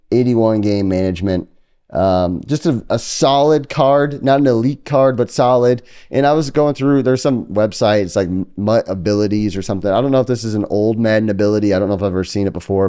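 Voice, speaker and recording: A man's voice: lowish voice, warm tone, clean tone. A man hosting a casual podcast chat, joking as he presents player cards to a guest. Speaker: podcast host.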